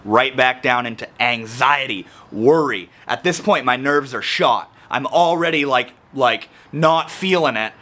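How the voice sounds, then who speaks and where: A man's voice: mid-range voice, unhurried, hardly any pauses, bright, forceful tone. A man talking about his week in a casual personal vlog, rambling with slang and frequent restarts. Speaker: vlogger.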